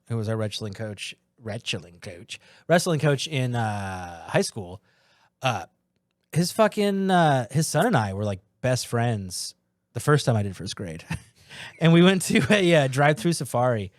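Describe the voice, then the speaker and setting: A man co-hosting a podcast, swearing and laughing through animated casual stories. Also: mid-range voice, normal speed, dry recording, clean studio sound. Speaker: podcast co-host. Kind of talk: casual chat.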